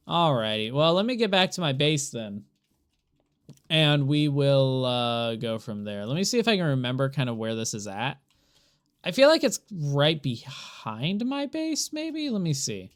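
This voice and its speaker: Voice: mid-range voice, very animated, unhurried. A streamer chatting to viewers during a live gameplay stream, rambling and exasperated, laughing often. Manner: exasperated, rambling, talks to chat while playing.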